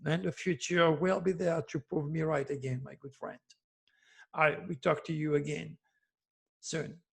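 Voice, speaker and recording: An older man in his seventies delivers a fervent, sermon-like monologue to his followers. His voice sits high for a man, with a gravelly fry and a husky, breathy texture. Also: fairly even intonation, normal speed. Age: 70s. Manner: impassioned, preachy, addresses listener as "my good friend". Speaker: astrologer host. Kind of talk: direct-to-camera monologue.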